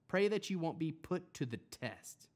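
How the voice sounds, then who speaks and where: Man reading as a calm, earnest teacher, slightly lifted voice. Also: on the high side, voice pushed up. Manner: earnest, measured, slightly raised.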